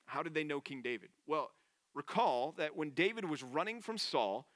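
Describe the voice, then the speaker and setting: A man's voice: fairly high pitch, animated, moderate pace, a bit bright, no room sound, clean studio sound. A man preaching a sermon in an earnest, conversational way. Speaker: pastor.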